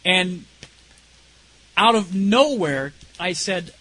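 A man with a high voice tells a personal testimony with deep feeling. He speaks earnestly and haltingly, and at the heaviest moments he drops to a low, quiet voice. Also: expressive, low-quality recording.

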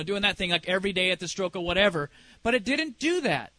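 A man's voice: sits high, fast, bright, forceful tone, dry recording. A middle-aged man preaching a sermon as a preacher and singer, telling a personal story in a conversational way and asking the congregation questions.

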